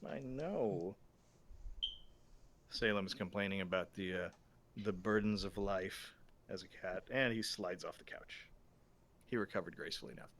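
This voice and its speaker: A man hosting a casual game stream, reading game text aloud and making deadpan jokes. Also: low-pitched, a little slow, long pauses, a little hiss or hum. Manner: joking, punning, deadpan asides. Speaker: let's play host.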